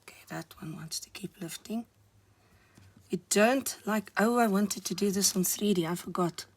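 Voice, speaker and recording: A woman talking softly to the camera while she decorates a journal cover, often dropping to a murmur or whisper as she works, her voice still hoarse. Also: medium pitch, normal speed. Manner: soft-spoken, murmuring while working, frequent near-whispers. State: hoarse, recovering voice. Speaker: craft vlogger. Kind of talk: casual crafting commentary.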